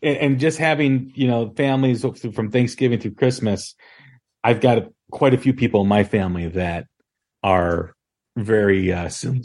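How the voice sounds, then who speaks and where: A man hosting a casual music podcast, talking in a relaxed, rambling way with many ums and restarts. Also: on the low side. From Chicago area. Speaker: podcast host.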